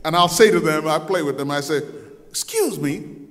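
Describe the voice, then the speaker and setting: A man preaching a sermon, telling the story dramatically and acting out voices, moving between loud, intense passages and soft asides. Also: fairly high pitch, steady tone, fast. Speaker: pastor. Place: church sanctuary. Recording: long hall reverb.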